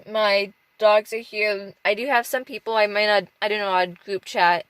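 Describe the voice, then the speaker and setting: A woman talking candidly and emotionally in a personal vlog from inside her parked car, halting and rambling as she speaks. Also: medium pitch, fairly even intonation, a bit bright, clean tone, no echo, rough recording. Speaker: off-grid dog musher vlogger.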